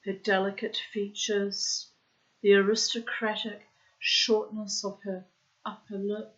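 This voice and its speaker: Slow, tired woman reading a story. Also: medium pitch, little pitch movement, highs cut off. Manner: unhurried, careful reading with asides. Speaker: audiobook reader. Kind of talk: reading a short story aloud.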